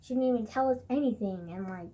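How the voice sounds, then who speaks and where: A woman's voice: fairly high pitch, fast talker, dark tone, muffled recording. A teenage girl telling a rambling, casual story in a vlog, full of fillers, laughs and swearing. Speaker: vlogger.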